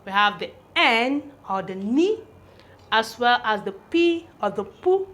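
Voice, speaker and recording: A woman's voice: on the high side, big pitch swings, takes it slowly, a bit bright. A woman teaching English pronunciation, sounding out letters and repeating each word several times. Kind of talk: slow, deliberate classroom teaching.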